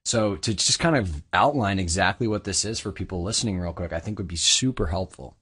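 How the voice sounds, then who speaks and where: A man's voice: low-pitched, brisk, a bit bright, husky. Eager man asking rambling questions. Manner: enthusiastic, rambling questions with fillers. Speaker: podcast host. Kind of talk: podcast interview.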